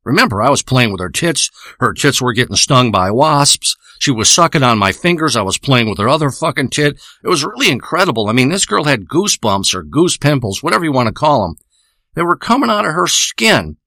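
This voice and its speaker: A man's voice: medium pitch, sing-song, brisk, bright, forceful tone, no echo. A man delivering a rambling, profane, boastful spoken monologue into a close microphone. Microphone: close studio microphone.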